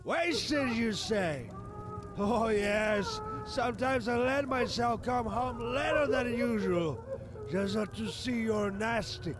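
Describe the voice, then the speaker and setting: An actor playing a bitter, weary father who argues with his wife, resentful and breaking into shouts. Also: very high-pitched, animated, slow, exaggerated voice. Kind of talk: game voice acting. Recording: under loud game noise.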